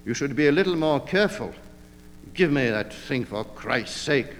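A man's voice: medium pitch, animated, moderate pace, in a large hall, a little hiss or hum, close to an everyday voice. A man doing a drawling drunk, effete and blustering. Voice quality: drawling, oddly feminine manner. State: drunk and rambling. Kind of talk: audiobook reading.

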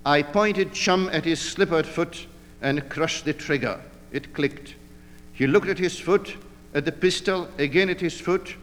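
A man narrating an audiobook in a measured, literary storytelling manner. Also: fairly high pitch, big-room sound, a little hiss or hum.

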